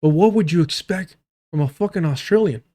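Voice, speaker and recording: A man's voice: a little high, a little fast. A man hosting a live stream, ranting in profane, mocking commentary while reacting to a debate clip. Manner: profane, mocking, animated rants to chat. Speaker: streamer host reviewing a debate.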